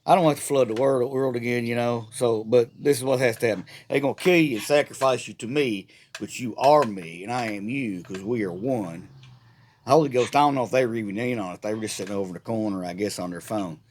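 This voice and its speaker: A man's voice: mid-range voice, fast, darkish tone. A middle-aged man, ranting sarcastically and at length in a rambling, casual monologue full of restarts. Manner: rambling, sarcastic, irreverent, repeats words. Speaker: vlogger.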